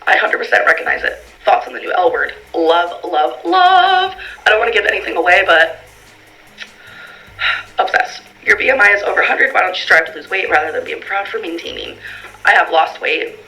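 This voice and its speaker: A woman vlogger talks through viewer questions in a loose, rambling way, full of fillers. Her voice is very bright and edged with vocal fry. Faint music runs underneath. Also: lowish voice, brisk, rough recording. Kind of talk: casual Q&A vlog.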